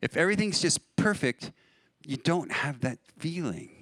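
A man's voice: on the high side, expressive, moderate pace, fairly bright tone, husky, dry recording. A middle-aged man from New preaching a sermon as pastor, conversational and storytelling, often laughing at his own stories.

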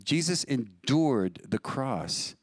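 Conversational pastor with a dry close sound. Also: male voice, mid-range voice, big pitch swings, slow pace, breathy edge, no echo. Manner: conversational, storytelling with laughs. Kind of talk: sermon.

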